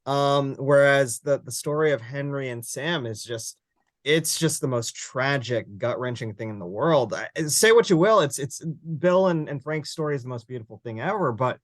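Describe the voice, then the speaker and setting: A man's voice: medium pitch, moderate pace, no echo. A man hosting a casual review show, his voice sitting in a middle register. He recaps scenes loosely, with frequent fillers and restarts. The sound is close and dry. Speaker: host.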